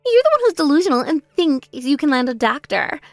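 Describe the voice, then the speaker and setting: A woman plays a spoiled, gloating younger sister in a text-message story drama. Her voice sits high and leaps about as she taunts and boasts. The sound is dry with faint music underneath. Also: big pitch swings, a little fast, no room sound. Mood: indignant.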